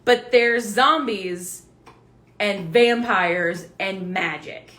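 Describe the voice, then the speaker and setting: A young woman chatting casually as a book vlogger, excitable and swearing freely as she reads book blurbs aloud. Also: medium pitch, extremely slow. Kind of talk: casual book haul chat to live viewers.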